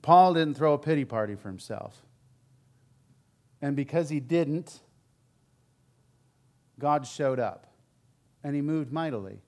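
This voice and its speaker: Male preacher, a touch high-pitched, candid and conversational, with loud stresses and soft asides. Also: expressive, takes it slowly, long pauses. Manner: swings between loud emphasis and quiet low asides. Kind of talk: sermon.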